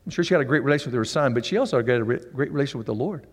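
A man's voice: medium pitch, lively intonation, rapid-fire, big-room sound. A man preaching a sermon in a conversational way who acts out the scenes. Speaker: pastor.

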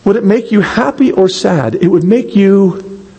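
A man's voice: high voice, lively intonation, measured pace, mellow, slightly rough, long reverb tail, rough recording. A man preaching a sermon in a church, asking the congregation rhetorical questions and acting out little quotes. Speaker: pastor.

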